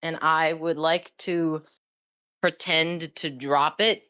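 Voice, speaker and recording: A woman's voice: deep voice, fairly even intonation, takes it slowly, bright, forceful tone, clean tone. A woman playing a tabletop game who speaks in a wry, playful way and laughs often. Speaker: player.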